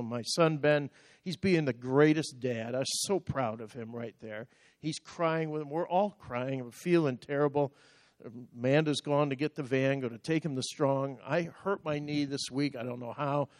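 A man's voice: mid-range voice, dry recording, studio quality. Older male preacher telling stories. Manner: storytelling with sudden loud outbursts. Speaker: pastor. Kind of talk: sermon.

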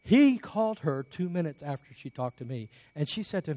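A man's voice: on the high side, very animated, fairly quick, few pauses, mellow, no room sound. A man from England preaching a sermon as a pastor, telling a story with many restarts and building up to emphatic calls to persevere.

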